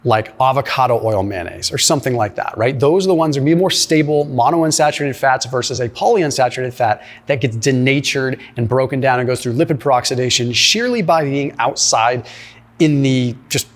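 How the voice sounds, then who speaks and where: A man breaking down diet advice in an emphatic, explanatory way. He talks fast and conversationally, tossing in "like" and "right?" as he goes. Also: mid-range voice. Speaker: nutrition commentator. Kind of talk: commentary reacting to a clip.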